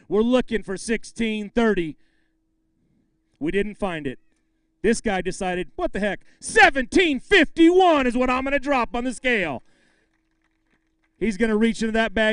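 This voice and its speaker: A man's voice: sits high, clear, resonant tone, dry recording. A man emceeing a live fishing tournament weigh-in, bantering with anglers and calling out the weights with bursts of hype.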